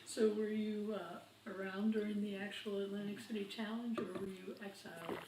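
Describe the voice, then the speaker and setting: Woman asking interview questions, mellow voice, roomy echo, faint hum behind. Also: mid-range voice, flat delivery, moderate pace. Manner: hesitant, stumbling over questions. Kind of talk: oral history interview.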